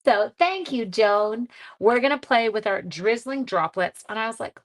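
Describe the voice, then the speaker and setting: A woman with a fairly high, expressive voice and moderate pace hosts a casual live craft demonstration. She chats with viewers and reads their comments in a friendly, self-deprecating manner.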